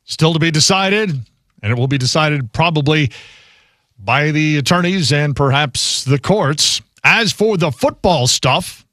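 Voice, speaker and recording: A male anchor reads sports news in a measured, scripted way. His voice sits a little high, and the studio sound is dry and close. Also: expressive, sharp tone, no room sound.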